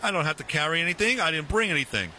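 A man in his fifties casually telling a long story, animated and full of restarts, acting out the dialogue. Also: fairly high pitch, very fast, slight background noise.

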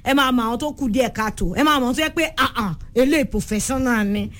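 A Nigerian woman hosts a call-in radio game show with a high voice. She teases callers and chats freely, switching languages mid-sentence. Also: racing, fairly bright tone. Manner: teasing, chatty, switches between languages.

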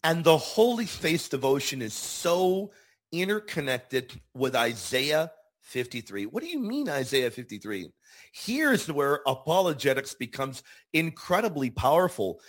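Husky guy preaching on his talk show, earnest and emphatic, voice swoops up and down a lot. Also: mid-range voice, animated, unhurried. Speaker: show host. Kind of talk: Catholic teaching talk show.

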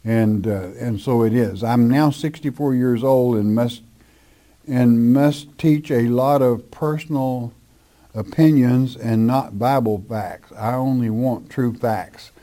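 A man's voice: mid-range voice, dark tone. A man, a pastor, reading listener questions aloud and answering them in a blunt, plain-spoken Bible-teaching style. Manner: blunt, plain-spoken, slow emphatic spelling out.

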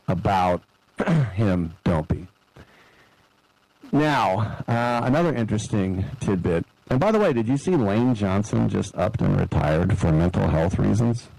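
A man's voice: on the low side, vocal fry, warm tone, dry recording, low-quality recording. A middle-aged man hosting a sports talk show, chatty and digressive, drifting into side stories and acting out quoted voices. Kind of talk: casual sports commentary monologue.

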